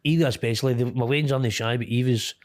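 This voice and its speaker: A man's voice: mid-range voice, quick pace, no room sound. Blunt, salty Scottish man, dry sound. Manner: blunt, swears casually, laughs easily. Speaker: interview guest. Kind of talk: candid conversational interview.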